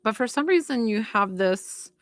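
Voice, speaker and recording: A woman's voice: on the high side, animated, normal speed, no room sound. Chatty woman medium, dry sound. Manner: chatty, filler-heavy, many "like" and "you know"; gentle and consoling while relaying messages. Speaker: psychic medium. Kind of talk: live spirit reading for viewers.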